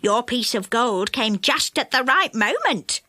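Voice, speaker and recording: A gentle storybook witch, voiced by a woman who drawls her words slowly and chants her spells in a lilting, unhurried way. The reading is recorded dry and close, with no room sound. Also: a little high, very animated, no room sound, heavily acted. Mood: kindly. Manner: slow, drawn-out spell chanting. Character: kindly witch woman who knits smoke.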